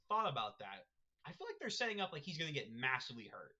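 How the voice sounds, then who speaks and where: Guy reading manga live and reacting, animated, kinda sharp-toned, muffled stream mic. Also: medium pitch, fast talker. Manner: excitable, reads panels aloud with running commentary.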